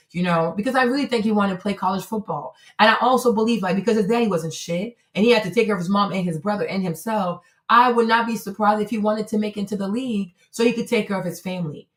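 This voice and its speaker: A woman hosting a casual livestream, talking loosely and animatedly, swearing freely and breaking into surprised exclamations. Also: medium pitch. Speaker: livestream host. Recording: roomy echo.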